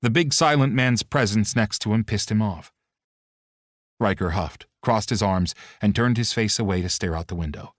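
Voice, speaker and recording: Reading an audiobook, a man with a low voice tells the story steadily and expressively at a moderate pace. The sound is close-miked and very dry, without any room sound.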